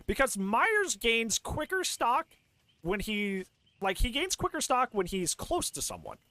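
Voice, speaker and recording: A man's voice: very high-pitched, wildly swooping pitch, a little slow, sharp tone, no echo. A man reacting to a video on stream, ranting in an exasperated, casual way with lots of fillers and restarts.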